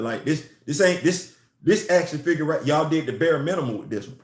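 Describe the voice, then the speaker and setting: A comics and culture commentator rants in a casual opinion vlog, emphatic and animated, repeating phrases to drive his point home. He has a fairly high voice at normal speed, and the room is echoey.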